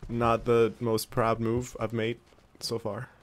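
A man's voice: mid-range voice, completely flat delivery, slow. A man casually commenting while he plays a video game, reacting aloud, joking to himself and answering viewer comments. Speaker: gaming video host. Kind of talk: casual let's-play commentary.

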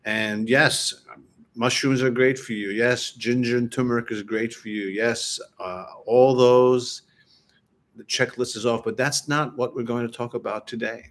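A man of middle pitch gives an easygoing sermon talk. He stumbles and restarts his sentences often and slows down to read scripture aloud. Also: steady tone, fairly bright tone. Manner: conversational, many restarts, reads scripture slowly. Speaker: preacher and teacher.

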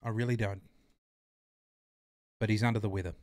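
A man's voice: lowish voice, steady tone, moderate pace, darkish tone, no echo, clean studio sound. A man hosting a casual livestream, bantering crudely, greeting his chat and repeating himself as he plays. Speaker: livestream host.

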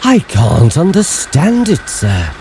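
A man's voice: on the high side, huge pitch swings, slow pace, heavy background noise, pitched above the performer's own voice, heavily acted. A man doing a smarmy, scheming diesel engine. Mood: false innocence. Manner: smarmy and sneering, false politeness. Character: sly, oily male diesel engine, scheming.

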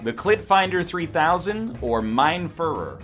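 A man's voice: a little high, measured pace, faint music behind. A man reading party-game prompts aloud during a livestream, joking and laughing as he goes. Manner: jokey, animated, laughs often. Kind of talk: casual banter while playing a party game.

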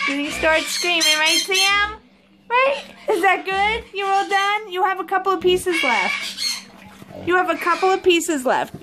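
A woman filming her pets at home for a casual vlog, cooing at them in high sing-song baby talk. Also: very noisy. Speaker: pet owner filming her animals. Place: home with caged birds and pets. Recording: loud bird squawks and clicks behind. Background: birds squawking.

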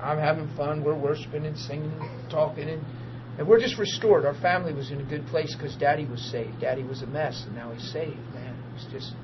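A high-pitched man preaching in an animated storytelling way, acting out voices as he goes. The recording is dull and lo-fi, with a steady noisy hiss behind him. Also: a little fast, hardly any pauses. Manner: animated storyteller, acts out dialogue, laughs easily. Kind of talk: testimony-driven sermon.

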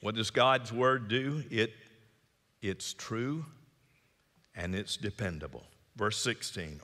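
A middle-aged man preaching a sermon as pastor, emphatic and repetitive, swinging between loud exhortation and hushed earnest tones. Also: lowish voice, slow, long pauses. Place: church sanctuary. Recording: long church reverb.

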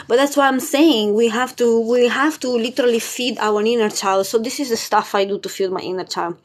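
A woman's voice: on the high side, fairly even intonation, a little fast, few pauses. A woman hosting a casual spiritual live stream, bubbly and chatty, laughing often and swearing casually. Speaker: spiritual livestream host.

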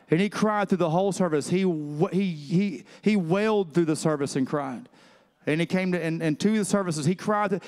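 Male pastor, high clear voice, conversational preaching in a reverberant church hall. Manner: conversational preaching, calls to the congregation. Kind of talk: sermon. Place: church sanctuary.

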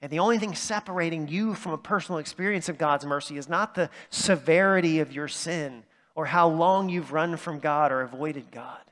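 A man's voice: fairly high pitch, normal speed, few pauses, fairly bright tone, big-room sound. A man pastor delivering a sermon in a conversational way, often checking in with "right?". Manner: conversational preaching with asides like "right?". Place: church sanctuary.

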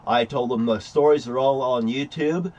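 An older man ranting, heated and profane, swinging between loud outbursts and low mutters. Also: normal speed. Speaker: vlogger. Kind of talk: angry rant to camera.

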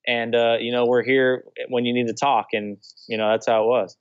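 A man's voice: medium pitch, flat delivery, normal speed, clean tone, dry recording. Rambling man with a dull, dry sound. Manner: rambling, many restarts and "you know". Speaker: guest, former pro baseball player. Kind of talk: casual conversational interview.

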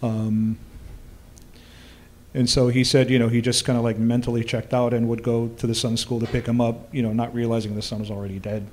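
A man's voice: mid-range voice, flat delivery, brisk, darkish tone. A man with a Hawaiian accent who tells ghost-tour stories in a laid-back, dry-humored way during a casual chat recorded live in a bar. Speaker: ghost tour guide and storyteller.

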